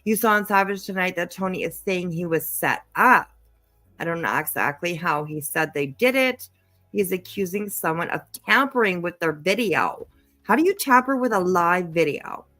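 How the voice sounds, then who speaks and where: A woman's voice: lowish voice, animated, moderate pace, bright, forceful tone. A woman hosting a livestream, reacting to clips in casual commentary, blunt and profane and laughing often. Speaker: livestream host.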